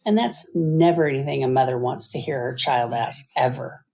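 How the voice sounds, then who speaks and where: A woman's voice: extremely low pitch, moderate pace, creaky, mellow. A middle-aged woman, a guest in an interview, earnestly telling her story and acting out quoted voices. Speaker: guest, business founder.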